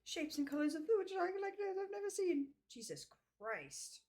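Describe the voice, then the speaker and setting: A woman's voice: very high voice, very animated, normal speed, a little mellow. A woman playing a tabletop game, chatting casually, giggly and flustered. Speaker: player.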